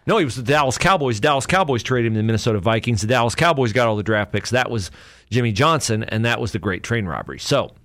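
A man's voice: medium pitch, animated, fast, fairly bright tone, dry recording, clean studio sound. A man hosting a podcast alone, rambling through sports memories with fillers and self-corrections. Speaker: podcast host. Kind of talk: casual solo podcast talk.

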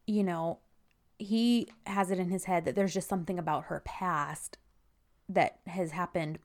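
A woman's voice: on the low side, fairly even intonation, measured pace. A woman co-hosting a podcast, chatting casually and gushing as she retells scenes from a TV series, quoting the characters. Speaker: podcast co-host recapping a TV series. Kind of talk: casual chat.

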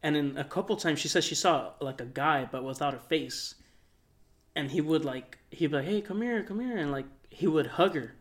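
A man telling a long story on a casual podcast, rambling and soft-spoken, with lots of filler words. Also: fairly high pitch, normal speed. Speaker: podcast co-host.

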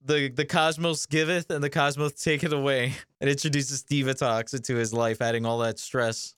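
A man's voice: mid-range voice, steady tone, moderate pace, a bit bright, clear, resonant tone, no room sound, studio quality. A man co-hosting a casual review podcast, riffing playfully on absurd what-if scenarios. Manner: playful, riffs on absurd hypotheticals. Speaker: podcast co-host.

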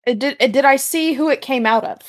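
A woman playing in a tabletop game, chatting quickly and laughing with her group. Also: sits high. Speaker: player. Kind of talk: casual tabletop play.

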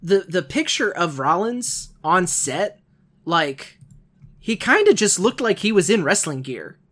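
A man's voice: sits high, big pitch swings, unhurried, fairly bright tone. A man co-hosting a casual podcast, rambling in a self-deprecating, nitpicky way. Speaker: podcast co-host.

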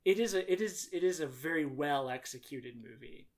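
Low-voiced woman telling a story. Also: animated, moderate pace, darkish tone. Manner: storytelling with lots of fillers and restarts, laughing as it gets tense. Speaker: podcast guest. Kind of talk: casual chat.

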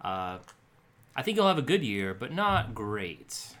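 A man's voice: fairly low pitch, very animated, takes it slowly, a bit bright. A man co-hosting a podcast, trading offhand jokes in casual sports chat. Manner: joking, offhand banter. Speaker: podcast co-host.

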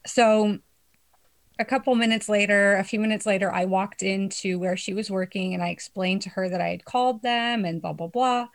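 A woman's voice: mid-range voice, normal speed. A young woman in casual chat with friends, telling a story with lots of swearing and laughter.

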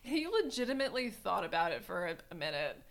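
A young woman co-hosting a podcast, her pitch swooping widely as she talks. She laughs a lot and keeps the conversation moving toward the next segment. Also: very animated, fast, gravelly. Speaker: podcast co-host. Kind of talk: casual chat.

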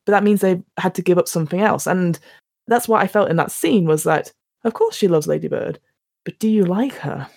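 A woman with a fairly low voice and vocal fry talks fairly quickly as she co-hosts a casual film podcast. Her storytelling is animated: she recounts scenes, performs the characters' quotes, and restarts a lot, captured in echo-free studio quality.

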